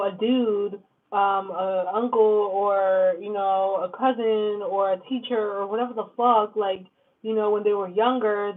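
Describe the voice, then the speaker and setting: A woman giving a casual tarot reading, blunt and profane, full of "like" and "okay?". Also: medium pitch. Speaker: tarot reader. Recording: lo-fi phone-like sound.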